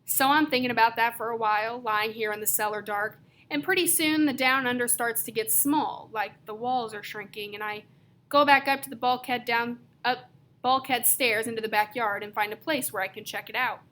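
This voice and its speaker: A woman's voice: fairly high pitch, steady tone, moderate pace, a bit bright, slight background noise. A woman narrating an audiobook in the first person, telling the story in a casual, slangy way as a teenage boy.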